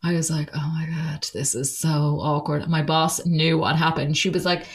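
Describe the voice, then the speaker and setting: A young Irish woman with a slightly low voice tells stories in a relaxed chat. She laughs often and acts out what people said in bouncy put-on voices. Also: normal speed. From Ireland. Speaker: podcast co-host. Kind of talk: casual storytelling chat.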